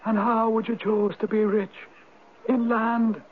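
An actor playing a mysterious old male spirit, a Viking turned Irish, in a 1970s radio drama. He speaks with an Irish accent in a husky, solemn and knowing way. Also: high-pitched, level tone, measured pace, slight background noise. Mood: wise, teasing. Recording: narrow, tinny old radio broadcast.

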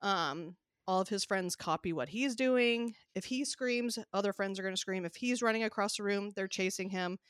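A young woman co-hosting a podcast, telling animated stories with frequent laughs. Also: mid-range voice, moderate pace, clean tone, dry recording, studio quality. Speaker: podcast co-host. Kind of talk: casual chat.

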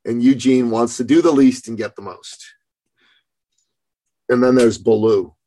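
A man's voice: mid-range voice, fairly even intonation, measured pace, warm tone, rough recording. Blunt, swearing man in his fifties. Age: 50s. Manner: blunt, profane, storytelling. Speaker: podcast host. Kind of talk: casual conversation.

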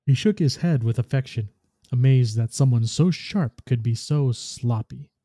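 A podcast host reads a story aloud in a steady, even way. His voice is very dark and heavy, and the recording is dry and close. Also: medium pitch, a little slow, no echo.

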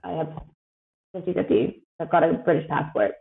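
A woman's voice: low-pitched, normal speed, gravelly. A Canadian woman in her thirties, a podcast guest chatting casually in a rambling way, with plenty of fillers and frequent laughter. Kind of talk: casual chat. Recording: tinny phone-like line.

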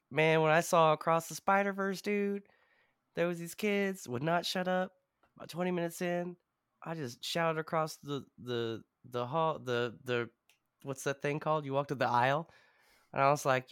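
A man co-hosting a movie podcast, swearing freely and telling animated stories in casual chat. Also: on the high side, clean tone, no room sound, clean studio sound. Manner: profane, animated storyteller. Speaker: podcast co-host.

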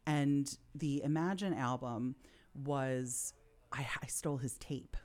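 A woman's voice: a bass voice, takes it slowly, a little mellow. A woman in her forties, a podcast guest, telling personal childhood stories in a heartfelt, reflective way. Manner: heartfelt, reflective, openly emotional at times. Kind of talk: candid interview storytelling.

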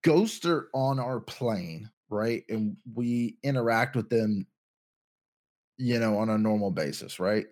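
A man's voice: on the low side, takes it slowly, darkish tone. A young man co-hosting a casual podcast chat, rambling and thinking aloud with lots of restarts. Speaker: podcast co-host.

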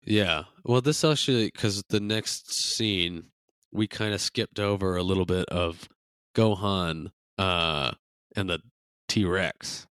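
A young man co-hosting a casual podcast, speaking slowly with a smooth, clear voice. He jokes around and laughs often. The sound is dry and close. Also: low-pitched, fairly bright tone, no room sound. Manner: laughs often, jokey impressions. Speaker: podcast co-host. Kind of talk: casual chat.

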